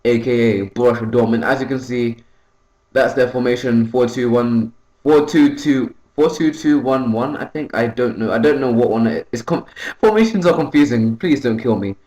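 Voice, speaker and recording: A man's voice: mid-range voice, moderate pace, echoey room, poor audio. A young man giving casual, rambling play-by-play commentary over a football video game, correcting himself often and perking up when a goal goes in. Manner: rambling, self-correcting, excitable on goals. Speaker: gaming YouTuber.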